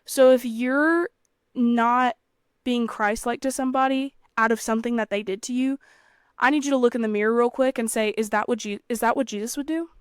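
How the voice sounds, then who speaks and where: A woman's voice: a little high, steady tone, brisk, smooth, dry recording. Earnest chatty young woman, dry sound. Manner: chatty and earnest, frequent fillers, playful asides. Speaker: podcast host. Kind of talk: faith talk monologue.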